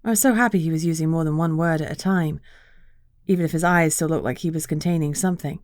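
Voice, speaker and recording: A woman narrating a first-person fantasy audiobook in an even, measured storytelling manner. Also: sits low, no echo, clean studio sound.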